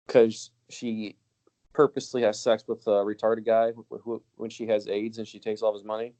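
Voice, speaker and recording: A man's voice: medium pitch, a little mellow, lo-fi sound. A man co-hosting a casual podcast, ranting with lots of swearing and frequent laughter. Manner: ranting, profane, laughs often. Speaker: podcast co-host.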